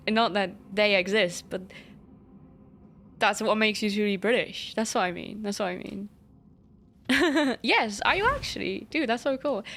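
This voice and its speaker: A woman's voice: mid-range voice, fairly bright tone, slight background noise. A woman streaming a video game, chatting playfully with her viewers, reading their messages aloud and swearing casually at enemies. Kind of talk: casual gaming livestream commentary.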